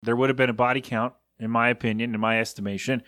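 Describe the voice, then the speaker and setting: A male podcast host rambles through a solo monologue, dry and sarcastic, often exasperated. His voice sits at a middle pitch, and the recording is dry and close, with no room sound. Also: little pitch movement, fast talker, a bit bright, no room sound.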